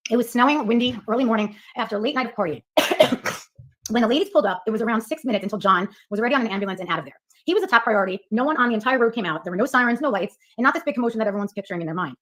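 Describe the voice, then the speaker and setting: Casting: woman narrating a scripted argument, very quick, slightly high, firm. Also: lively intonation, fairly bright tone. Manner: firm, argumentative, reads rhetorical questions.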